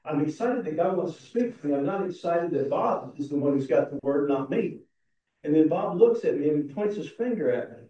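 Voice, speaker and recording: A man's voice: on the high side, lively intonation, fairly quick, dark tone. A man preaching a conversational, self-deprecating sermon in a church, often restarting his sentences. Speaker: pastor. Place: church sanctuary. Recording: roomy, distant, dull sound.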